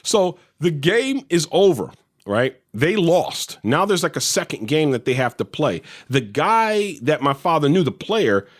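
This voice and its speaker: A man telling a story in casual podcast chat, animated and profane, acting out the people in it. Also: on the high side, a little slow. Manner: animated, profane, acts out voices. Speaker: podcast host.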